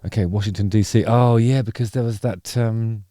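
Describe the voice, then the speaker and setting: A man's voice: lowish voice, fairly even intonation, normal speed, dark tone, no room sound, studio quality. A middle-aged man hosting a casual music video reaction, rambling and wry with playful digressions.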